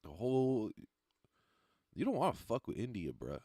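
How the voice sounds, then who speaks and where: A man's voice: mid-range voice, huge pitch swings, moderate pace, warm tone, no room sound, clean studio sound. A man who does stand-up comedy, chatting casually with viewers on a livestream in a loose, rambling, profane way and often laughing at his own lines.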